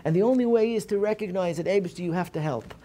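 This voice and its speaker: A man's voice: high-pitched, quick pace, mellow, slight background noise. A man giving an earnest Tisha B'Av Torah lecture at a synagogue program. He often repeats and restarts phrases and mixes in Hebrew terms.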